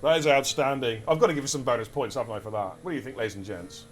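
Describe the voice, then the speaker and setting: A man giving live commentary on an online racing league, excitable and chatty, talking straight to his viewers. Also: medium pitch, very fast, faint music behind. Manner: excitable, chatty, addresses chat directly. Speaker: race commentator and streamer. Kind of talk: live esports race commentary.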